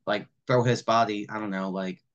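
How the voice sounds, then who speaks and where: A man co-hosting a casual podcast, retelling film scenes in a loose, animated way, full of "like" and casual swearing. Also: on the low side, moderate pace, muffled recording. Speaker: podcast co-host. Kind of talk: casual film discussion chat.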